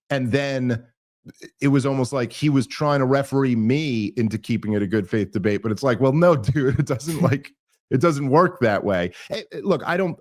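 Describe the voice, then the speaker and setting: A man hosting a podcast, telling a story in casual chat, animated and full of restarts and mocking asides. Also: medium pitch. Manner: animated, mocking quoted voices, many restarts. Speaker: podcast host.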